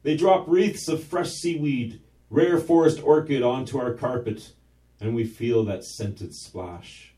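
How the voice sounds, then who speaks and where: A man narrating a whimsical story in a gentle, meandering way, turning aside now and then to speak to his listeners. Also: medium pitch, slow. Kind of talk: scripted narration. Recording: roomy echo, distant mic.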